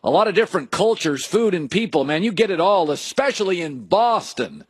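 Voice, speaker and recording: A middle-aged man hosting a sports talk show, riffing in an opinionated monologue full of jokes and quick asides. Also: sits high, big pitch swings, slightly rough, dry recording. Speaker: sports radio host.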